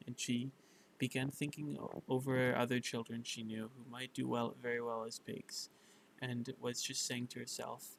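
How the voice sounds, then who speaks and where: A man's voice: mid-range voice, level tone, moderate pace, creaky, a little hiss or hum, poor audio. A man reading a bedtime story aloud, stumbling over words and correcting himself, with fillers along the way.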